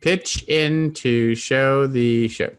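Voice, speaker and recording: A man's voice: medium pitch, extremely slow, clear, resonant tone. A man co-hosting a casual online guessing game, joking and reading out viewers' guesses over a video call. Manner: jokey, reads out viewers' guesses. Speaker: co-host. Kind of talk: casual live-stream game chat.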